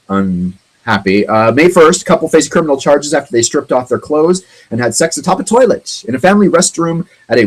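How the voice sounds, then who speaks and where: A man talks through strange news stories as the host of his own online show. His voice is husky and a bit breathy, sitting at an ordinary middle pitch. He rambles, stalls on ums and uhs, and drops sarcastic little jokes between the facts. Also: poor audio. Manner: rambling, halting, with many ums and asides; sarcastic, jokey remarks on the stories. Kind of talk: casual commentary on odd news stories.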